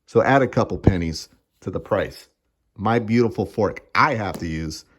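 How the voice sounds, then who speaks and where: A man's voice: on the low side, animated, moderate pace, breathy edge. A man in his thirties giving a casual, sarcastic and profane food review, laughing often as he rants. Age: 30s.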